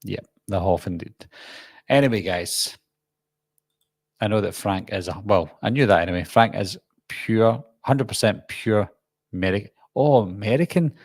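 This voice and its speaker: A man's voice: lowish voice, measured pace, no room sound, studio quality. A Scottish man hosting a live-stream Q&A, chatting in a rambling, self-deprecating way. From Scotland. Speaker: horror channel host.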